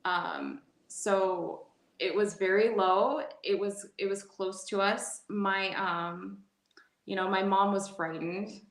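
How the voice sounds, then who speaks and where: In an echoey room, a woman in her forties, appearing as a guest in a casual interview, shares a personal story. Her mid-range voice is animated, she laughs readily, and she often restarts her sentences.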